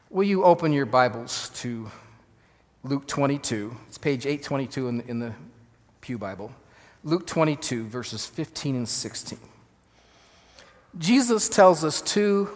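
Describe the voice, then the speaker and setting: A man preaching a sermon in a church, earnest and emphatic, sometimes correcting himself as he goes. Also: medium pitch. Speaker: pastor. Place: church sanctuary. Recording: long reverb of a church hall.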